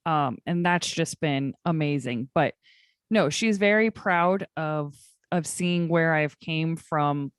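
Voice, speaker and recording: A woman's voice: low-pitched, takes it slowly, clean tone, dry recording, studio quality. A young adult woman, a podcast guest, talking candidly and chattily about her life, with many fillers. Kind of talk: conversational interview.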